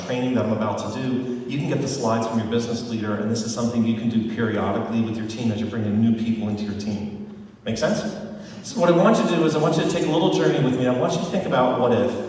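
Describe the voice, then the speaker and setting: A man leading a motivational sales training for a live audience, chatty and animated, joking with the crowd. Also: mid-range voice. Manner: chatty, animated storyteller who jokes with the crowd. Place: large hall with live audience. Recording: echoey hall, far from mic.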